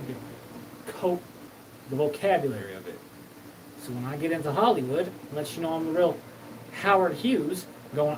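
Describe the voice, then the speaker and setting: A man rambles through a profane, meandering livestream monologue, his voice sitting somewhat high. He is picked up from a distance, with steady background noise clearly audible behind him. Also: moderate pace, long pauses. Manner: rambling, profane, jumps between topics. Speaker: show host.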